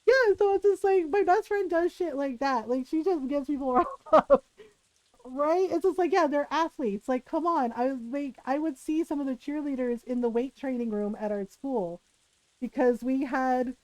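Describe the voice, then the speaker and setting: A high-voiced woman streamer casually shares a story with her live chat, laughing a lot and asking "right?" along the way. The audio is poor but has no echo.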